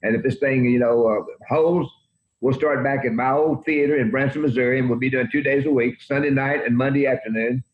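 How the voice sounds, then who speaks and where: A man's voice: medium pitch, steady tone, a little fast. A man in his eighties telling folksy, rambling anecdotes as a country music guest in an interview. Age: 80s. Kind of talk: interview storytelling. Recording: roomy, dull lo-fi sound.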